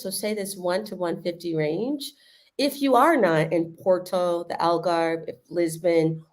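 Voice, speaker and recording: A woman with a lowish voice talks through her points on a video call, explaining at length and breaking into laughter. Her delivery is casual and animated, full of asides and questions to the host. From United States. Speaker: guest living in Lisbon. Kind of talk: casual livestream discussion.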